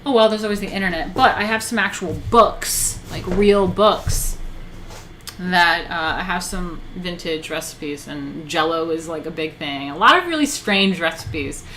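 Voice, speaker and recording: A woman's voice: lowish voice, unhurried, fairly bright tone, slight background noise. A woman in her thirties chatting casually on a live stream, rambling, swearing and answering chat. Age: 30s.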